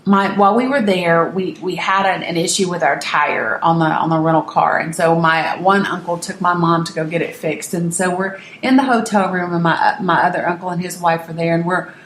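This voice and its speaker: A woman's voice: fairly low pitch, steady tone, normal speed, hardly any pauses, a bit bright, reverberant, slight background noise. A woman from Northeast Tennessee telling a personal family story to camera, candid and emphatic, often restarting her sentences. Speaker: vlogger.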